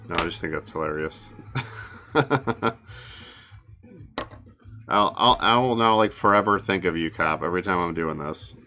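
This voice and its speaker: A man's voice: low-pitched, unhurried, pauses often. A man casually chatting to viewers while he works on a craft project in his workshop, mumbling now and then as he works. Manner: relaxed, mumbles while working. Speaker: toy artist. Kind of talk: casual workshop vlog chat.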